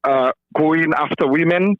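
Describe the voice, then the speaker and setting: A man from Saint Lucia calls in to complain about the government, stumbling over and repeating words. His voice sits a little high. The line sounds dull and dry. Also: unhurried, dry recording. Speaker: caller. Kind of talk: phone-in political complaint.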